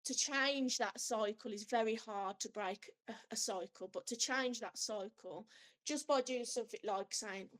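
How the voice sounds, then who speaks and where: A woman's voice: fairly high pitch, normal speed, fairly bright tone, low-quality recording. A woman, a suicide prevention trainer and mother, talking in a chatty, self-deprecating way in an online workshop.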